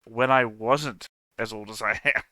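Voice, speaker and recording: A man's voice: medium pitch, steady tone, unhurried, sharp tone, no echo. A man playing a tabletop game, joking and wisecracking with the table. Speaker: player. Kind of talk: casual tabletop banter.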